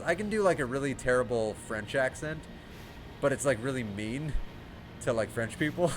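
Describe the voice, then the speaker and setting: Chatty, laughing American gamer. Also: male voice, medium pitch, background noise. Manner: chatty, rambling, laughs often. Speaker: gaming streamer. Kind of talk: casual let's play commentary. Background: game music.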